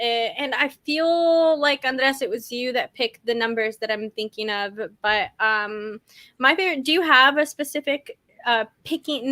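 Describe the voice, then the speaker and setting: A woman hosting a casual podcast interview, chatty and giggly, with quick asides. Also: high-pitched, sharp tone, no room sound. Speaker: podcast host.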